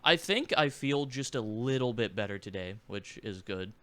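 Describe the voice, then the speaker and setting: A young man co-hosting a podcast in casual chat, hesitant and halting, with a sore throat. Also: fairly low pitch, animated, sharp tone. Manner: hesitant, halting, many restarts. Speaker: podcast co-host.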